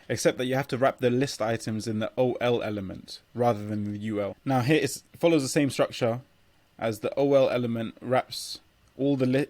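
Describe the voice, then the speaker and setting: A man at a middle pitch gives a coding tutorial, recorded close and dry with no room sound. He explains step by step and sometimes restarts a phrase while typing. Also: a little mellow, no echo.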